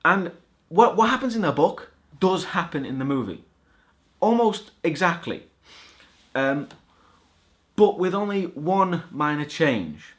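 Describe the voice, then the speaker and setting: A man's voice: on the high side, big pitch swings, a little slow, pauses often, fairly bright tone. A man giving a casual spoken film review, sarcastic and swearing a lot, often stumbling and restarting his sentences.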